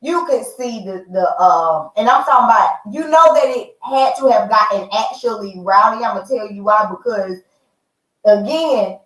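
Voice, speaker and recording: A woman chatting in an animated way as she reviews a reality show, calling her viewers "y'all" and "honey.". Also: mid-range voice, moderate pace. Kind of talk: casual chat. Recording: roomy, mic at a distance.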